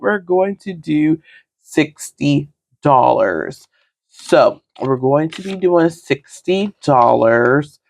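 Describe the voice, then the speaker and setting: A woman budget vlogger chatting casually while counting cash, teasing herself and talking straight to her viewers. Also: a bass voice.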